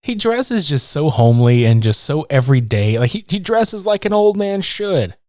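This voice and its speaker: A man co-hosting a casual movie review podcast, animated and profane, joking around. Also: on the high side, normal speed, dry recording, studio quality. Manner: animated, profane, breaks into silly voices. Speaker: podcast co-host.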